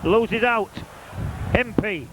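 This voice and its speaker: A high-pitched man calls a football match from an exposed commentary position, chatty and openly partisan with wry asides. The outdoor recording carries loud stadium noise. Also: drawn-out words. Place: open-air commentary position at a football ground.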